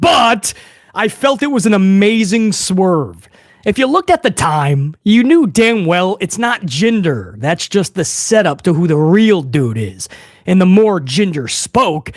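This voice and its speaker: A man giving a casual, excitable wrestling recap, sarcastic and swearing freely, with frequent restarts. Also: high voice, no room sound, studio quality. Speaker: wrestling commentary vlogger.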